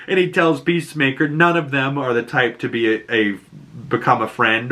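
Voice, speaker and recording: A man's voice: mid-range voice, sharp tone. A man casually recapping a TV show, laughing often and swearing freely.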